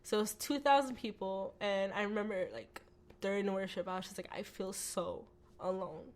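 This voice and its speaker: A woman's voice: medium pitch, moderate pace. Woman animatedly sharing her testimony. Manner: animated storytelling, acts out quoted voices; frequent "like" and "you know" fillers. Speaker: guest telling her testimony. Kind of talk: emotional personal testimony.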